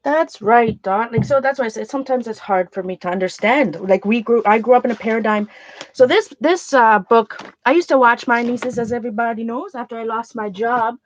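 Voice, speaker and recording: A woman's voice: a little high, a little fast. A woman hosting a casual livestream from home, talking in an earnest, rambling, chatty way. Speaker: art channel host. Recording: dull lo-fi sound.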